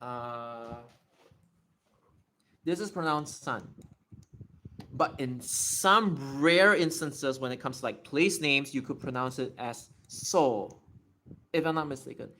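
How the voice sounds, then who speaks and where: Speaking slowly with long pauses, this livestream host has a medium-pitched, pushed, bright voice. He thinks aloud during a casual live Q&A on Japanese readings, repeating and restarting words to test their sound. Slight background noise is present.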